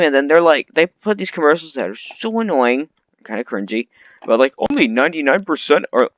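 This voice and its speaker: A man's voice: mid-range voice, sing-song, quick pace, no echo, dull audio. A man delivering an unscripted, rambling rant full of complaints, often restarting his sentences. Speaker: vlogger.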